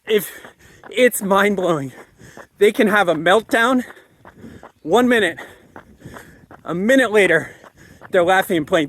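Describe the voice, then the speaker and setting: Male commentator, high-pitched, animated and emphatic solo monologue. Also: a little hiss or hum. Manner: animated, emphatic, repeats phrases for effect. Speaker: parenting commentator. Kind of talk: solo ranting monologue to camera.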